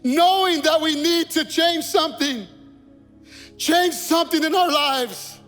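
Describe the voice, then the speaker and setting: A male pastor delivers a sermon in a strikingly high voice, driving his points home through repetition. He speaks in a church whose long reverb trails after each phrase, with faint music underneath. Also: measured pace, fairly bright tone. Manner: preaching with rising intensity, repeating phrases. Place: church sanctuary.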